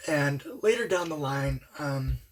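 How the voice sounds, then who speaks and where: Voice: medium pitch, lively intonation, measured pace. A young adult telling a personal story in a rambling, casual way, full of "um" and "like". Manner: rambling, filler-heavy, talks with hands-off candor.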